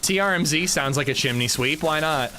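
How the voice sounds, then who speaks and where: A man's voice: on the high side, fairly quick, sharp tone, slight background noise. An American man streaming a game, chatting and joking as he answers his chat. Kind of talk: casual gaming livestream chat.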